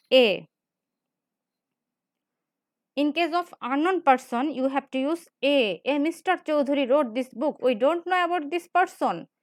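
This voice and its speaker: High-voiced woman teaching grammar. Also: no room sound, studio quality. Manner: repetitive, explains slowly with frequent "right?". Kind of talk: classroom lecture.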